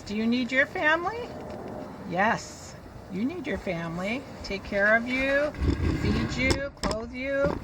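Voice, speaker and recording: A woman teaching young children to read, reading a picture book aloud in a slow, sing-song way and sounding out letters. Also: on the high side, animated, background noise.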